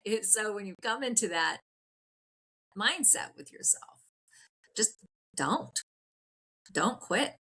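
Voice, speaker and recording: A woman's voice: mid-range voice, animated, slow pace, creaky, long pauses, sharp tone, slightly rough. A middle-aged woman speaking as a podcast guest, emphatic and motivational, laughing easily. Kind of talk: interview podcast.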